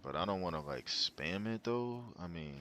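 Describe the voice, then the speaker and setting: A man's voice: low-pitched, lively intonation, moderate pace. A man streaming a game live, chatting casually to his viewers in a rambling, stuttering way. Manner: rambling, stuttering, talks to chat. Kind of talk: casual commentary while gaming. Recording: loud game noise behind voice. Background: game sounds.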